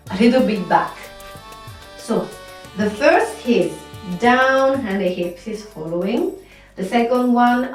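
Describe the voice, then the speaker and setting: A woman teaches belly dance slowly and patiently, counting through each step in a medium-pitched voice. The mic is at a distance in an echoey room, with music playing behind her.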